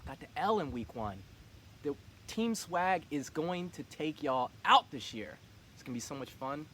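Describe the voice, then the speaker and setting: A man's voice: on the high side, lively intonation, normal speed, a bit bright, slight background noise. A man running a fantasy football league, talking casually and teasing the other players with cocky trash talk.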